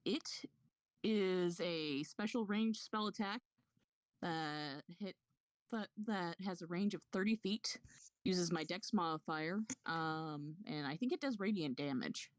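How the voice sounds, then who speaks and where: Slow, hesitant woman game player. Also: on the low side, no room sound. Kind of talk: tabletop game play.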